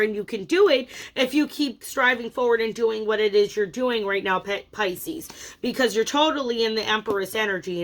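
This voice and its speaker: A woman giving a casual tarot reading in a playful, teasing, chatty way. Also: fairly high pitch. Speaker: tarot reader.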